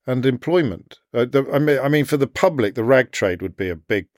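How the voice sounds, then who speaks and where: A man interviewing a guest, asking measured, probing questions. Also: medium pitch, animated, a little mellow, no echo, clean studio sound. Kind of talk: conversational interview.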